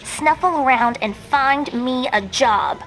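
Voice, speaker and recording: Coco, a bossy, whiny kid sister. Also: female voice, high-pitched, takes it slowly, fairly bright tone, soft background music, rough recording. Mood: exasperated. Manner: exasperated, pleading.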